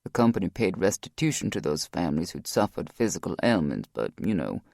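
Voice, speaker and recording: A man voicing a grieving former Navy SEAL, deep and gravelly, telling his past in a low, weary way. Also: big pitch swings, fairly quick, a little mellow, dry recording, studio quality, heavily acted. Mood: guarded, weary.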